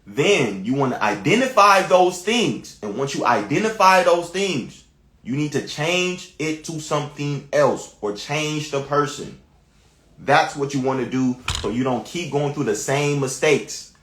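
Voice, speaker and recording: A man's voice: a little high, animated, a little slow, fairly bright tone. Man, spiritual coach, casual live-stream talk, encouraging, repeats himself, roomy echo. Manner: earnest, repetitive, encouraging.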